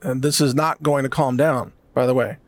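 A man's voice: medium pitch, steady tone, normal speed, no echo. A man delivering an emphatic, sarcastic commentary monologue. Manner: emphatic, sarcastic, mocks others in put-on voices. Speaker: political commentator.

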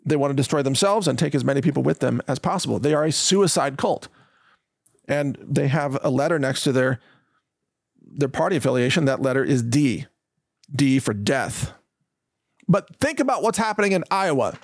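A man's voice: medium pitch, expressive, normal speed, vocal fry, dry recording. Indignant man ranting on a dry mic. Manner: emphatic, indignant, mocking. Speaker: host. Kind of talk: ranting monologue.

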